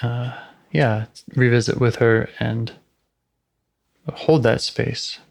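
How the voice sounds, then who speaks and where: A therapist guiding a session calmly, with short affirmations and gentle questions, over a video call. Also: mid-range voice, slow, vocal fry. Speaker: IFS therapist.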